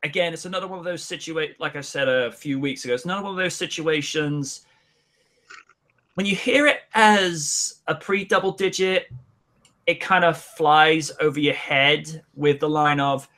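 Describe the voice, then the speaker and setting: A man hosting a live-stream chat, musing slowly with many fillers. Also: fairly high pitch, bright, forceful tone. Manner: slow, musing, trails off with fillers. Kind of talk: casual chat.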